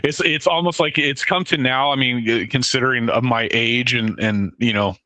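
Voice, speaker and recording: A man in his fifties co-hosting a casual podcast, speaking haltingly with lots of repeated words and casual swearing. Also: mid-range voice, sharp tone, no echo. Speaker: podcast co-host.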